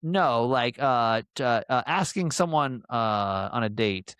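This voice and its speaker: A podcast host in his forties tells a meandering story in casual chat, full of fillers and acted-out dialogue. His mid-range voice is expressive, smooth, slightly bright and a bit slow, recorded with no room sound.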